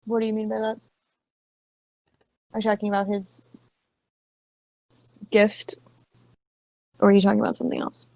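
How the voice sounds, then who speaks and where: A woman's voice: mid-range voice, little pitch movement, normal speed, long pauses, dark tone, dry recording, rough recording. A woman player talking in character in a tabletop game, asking questions and often restarting her sentences. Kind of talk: in-character roleplay chat.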